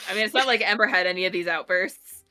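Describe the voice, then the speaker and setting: A woman's voice: fairly low pitch, fast, sharp tone, soft background music. A woman playing a tabletop game, describing her character's actions with many fillers and giggles. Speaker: player. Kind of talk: casual game narration.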